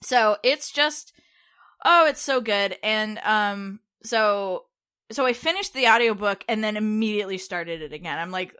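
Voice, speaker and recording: A woman's voice: mid-range voice, moderate pace, fairly bright tone, smooth. A woman co-hosting a podcast in casual chat, talking with lots of fillers, restarts and laughter. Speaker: podcast co-host.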